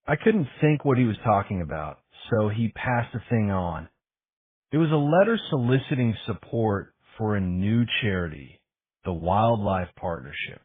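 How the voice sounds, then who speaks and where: A man reading a novel aloud as audiobook narrator, in an even, descriptive way. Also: lowish voice, normal speed, slightly rough, dry recording. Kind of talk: scripted narration. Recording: tinny phone-like sound.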